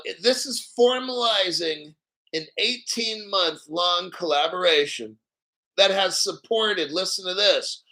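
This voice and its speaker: A male crypto livestream host with a high, bright voice who talks in a hyped, profane rush. He stops often to clear his throat. His delivery is excitable and pushy. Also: rough recording. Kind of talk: live-stream commentary.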